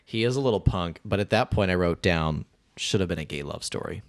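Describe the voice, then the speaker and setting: A man co-hosting a podcast in casual movie chat, animated and quick to chime in with agreement. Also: low voice. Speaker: podcast co-host.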